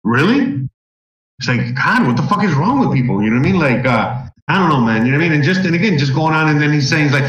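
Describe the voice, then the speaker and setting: A man's voice: fairly high pitch, big pitch swings, fast, a bit bright, far from the mic. Man, heated rant, lots of swearing and fillers, roomy echo, away from the mic. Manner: heated, profane, many fillers. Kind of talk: casual ranting chat. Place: home in Mexico.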